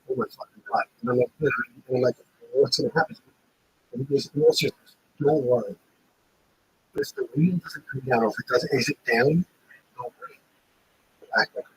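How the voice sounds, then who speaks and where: A man in casual chat, retelling a story in an animated way, swearing freely and acting out what others said. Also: medium pitch, normal speed, long pauses, slight background noise, poor audio. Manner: animated, swearing, acts out quotes. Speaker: livestream host.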